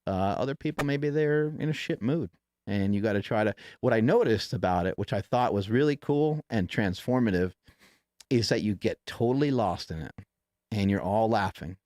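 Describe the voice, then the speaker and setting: A man with a low voice rambles through a story in casual chat, swearing freely and acting out each line of dialogue. He breaks into laughs as he goes, and the sound is dry and close. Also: animated, moderate pace, darkish tone, no echo. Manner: profane, rambling, acts out quotes with laughs.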